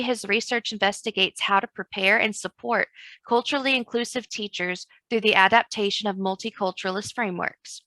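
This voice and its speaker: Bright-voiced woman introducing a speaker. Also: fairly high pitch, no echo. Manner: formal, reads out credentials. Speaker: workshop host.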